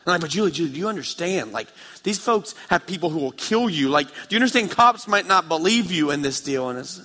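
A man preaching a sermon with passion, moving between quiet, intimate passages and loud, fervent ones as he tells a story. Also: fairly high pitch, expressive, fast talker. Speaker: pastor. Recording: reverberant hall.

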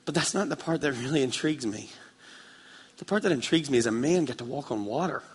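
A man preaching a sermon with passion, moving between quiet, intimate passages and loud, fervent ones as he tells a story. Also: medium pitch, lively intonation, quick pace, husky. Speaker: pastor. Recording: reverberant hall.

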